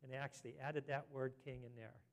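A man's voice: mid-range voice, level tone, a little fast, creaky. A man preaching an earnest sermon as a pastor, rising to emphatic scripture reading.

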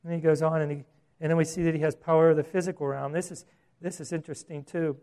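Animated male pastor preaching. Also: a little high, fast talker. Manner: animated and conversational, with rhetorical questions. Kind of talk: sermon.

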